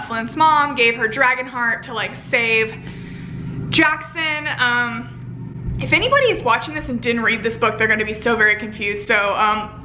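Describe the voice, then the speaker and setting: A young woman reviews a book in a loose, rambling chat, gushing and peppering every sentence with "like" and "um". Her voice sits a little high and comes across bright and forceful.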